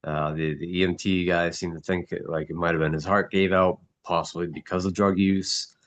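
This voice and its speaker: A middle-aged man in a casual group chat, grieving and somber, talking haltingly with many restarts. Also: sits low, flat delivery, a bit bright. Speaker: mastermind group member.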